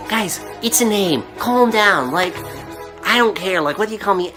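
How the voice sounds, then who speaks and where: A man's voice: sits high, lively intonation, normal speed. Young male vlogger, casual mocking rant, heavy on slang, faint music under.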